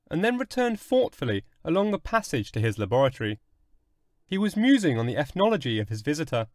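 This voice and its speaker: A man narrating a classic short story in an expressive, dramatic audiobook reading. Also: on the high side, dry recording, clean studio sound.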